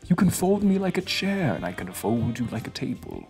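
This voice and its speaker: A man voicing a sultry, scheming male suitor, crooning slowly and breathily close to the mic. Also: medium pitch, sing-song, a little mellow, soft background music, voice pushed down.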